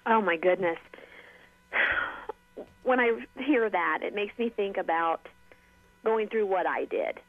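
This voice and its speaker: A woman calling in by phone to share her testimony, speaking softly and reflectively. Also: medium pitch, animated, takes it slowly, pauses often, no echo. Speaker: caller sharing testimony. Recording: tinny phone line.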